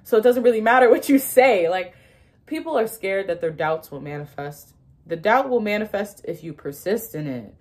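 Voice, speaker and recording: A woman's voice: medium pitch, animated, normal speed, darkish tone. Chatty young woman explaining with emphasis. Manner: chatty and emphatic, laughs often, acts out inner voices. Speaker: manifestation content creator. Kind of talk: casual explainer monologue.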